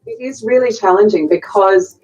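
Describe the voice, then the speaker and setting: A woman's voice: medium pitch, normal speed, darkish tone, highs cut off, soft background music. A woman dialect coach, answering interview questions thoughtfully and hesitantly, with restarts.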